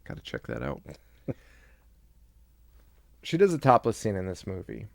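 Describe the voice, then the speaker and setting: A man's voice: lowish voice, huge pitch swings, a little slow, vocal fry, darkish tone, dry recording. A man co-hosting a horror podcast, recapping a movie in casual chat, joking, laughing often and acting out lines. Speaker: podcast co-host.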